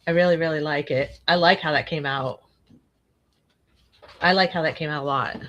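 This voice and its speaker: A woman's voice: sits low, steady tone, moderate pace, a bit bright. A woman hosting a casual live chat, talking freely and laughing often as she tells stories. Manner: chatty, laughs often, acts out her husband's lines. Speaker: host.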